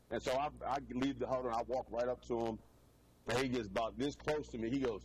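A man who played pro football, a guest telling stories in an animated, loose way with frequent restarts. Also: mid-range voice, fast talker, slight background noise, low-quality recording. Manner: animated storyteller, many restarts. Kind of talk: casual storytelling interview.

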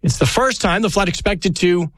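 A man reading national news headlines on the radio in a crisp, brisk newsreader style. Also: high voice, a bit bright, slight background noise.

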